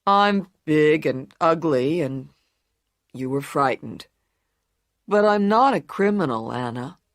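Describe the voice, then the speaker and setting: Lady doing a deep-ish gentle boxer guy in a storybook, slow and dry, no room sound. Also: animated, no echo. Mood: calm. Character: a big tough young man, a boxer, gentle.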